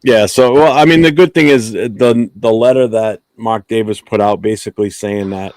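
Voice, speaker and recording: A man hosting a live fan show, talking in a relaxed, chatty way and often restarting his sentences. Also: fairly low pitch, moderate pace, no echo. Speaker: podcast host. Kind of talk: casual live chat.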